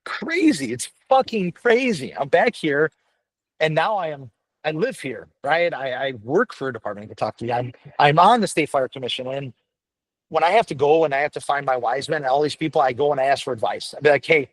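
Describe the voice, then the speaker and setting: A man's voice: medium pitch, a little fast, dry recording, poor audio. A middle-aged man, a veteran firefighter, talking bluntly and with lots of swearing as a podcast guest. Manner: blunt, profane, animated storytelling. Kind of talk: candid podcast conversation.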